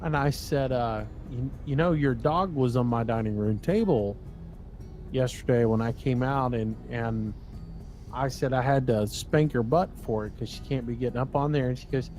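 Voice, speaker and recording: A man's voice: mid-range voice, normal speed, a little mellow, soft background music. Rambling man telling home stories. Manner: rambling, laughs at his own stories. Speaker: streamer. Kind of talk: casual storytelling while gaming.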